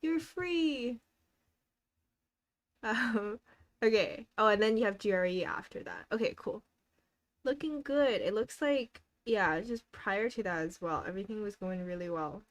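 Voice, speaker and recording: A woman's voice: medium pitch, expressive, moderate pace. A young woman hosting a casual live stream, cheerfully encouraging viewers and reading out their goals with frequent giggles. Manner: giggles often between remarks. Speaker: livestream host.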